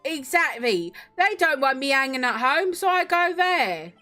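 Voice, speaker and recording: Old man, grumpy and defensive, blustering, woman reads him; high, lively, faint music. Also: measured pace, full character voice. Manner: blustering, stammering, indignant.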